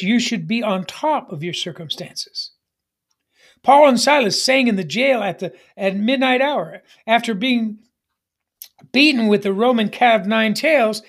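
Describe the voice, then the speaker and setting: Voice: medium pitch, fairly bright tone. A preacher giving a sermon, telling folksy jokes and having the congregation repeat lines back. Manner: call-and-response, urging the congregation to repeat lines; folksy, humorous storytelling.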